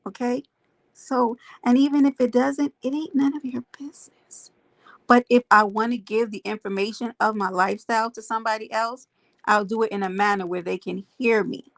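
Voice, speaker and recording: With a slightly high voice and some vocal fry, this woman runs a casual livestream, calling out viewers by name. She's emphatic with her chat and slips in preachy side comments; there's no room sound.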